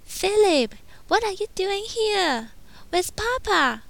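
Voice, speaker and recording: Belle, a high sweet young woman, as a reader puts her on. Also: big pitch swings, takes it slowly, vocal fry, dry recording, exaggerated voice, low-quality recording. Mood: anxious. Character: young woman, gentle and earnest. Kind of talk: storybook read-aloud.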